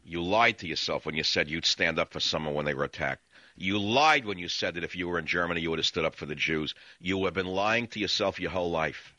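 A man's voice: low voice, fairly quick, bright, forceful tone, no echo, lo-fi sound. A man hosting a political talk radio show, reading news items aloud and mocking them in a sarcastic, ranting monologue.

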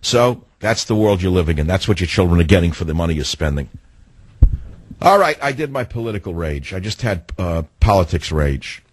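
A male talk radio host with a husky, lowish voice who rants his opinions indignantly. The sound is dry and close. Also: animated, fairly quick, no room sound. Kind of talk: call-in radio talk and monologue.

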